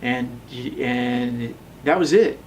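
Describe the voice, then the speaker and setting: A man in his thirties recounts his past in a loose interview, circling back and restarting his sentences often. His pitch sits in an ordinary middle range. A faint hum runs beneath the voice. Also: slow pace, a little mellow, recorded from a distance. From Las Vegas, USA. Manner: rambling, with frequent restarts. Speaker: tattoo shop owner. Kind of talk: casual storytelling interview.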